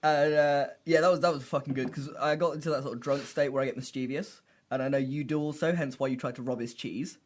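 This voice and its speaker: A man's voice: mid-range voice, steady tone, fast talker, a little hiss or hum. A young British man co-hosting a comedy podcast, telling dry, rambling anecdotes full of ums. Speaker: podcast co-host. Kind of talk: casual comedy chat.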